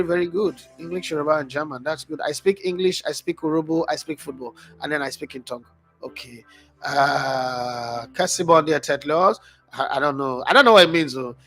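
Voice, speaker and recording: A middle-aged Nigerian man hosting a football stream, chatting casually and reading out viewer comments in an animated way. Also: fairly high pitch. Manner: animated, chatty, jumps between loud and soft. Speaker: football show host.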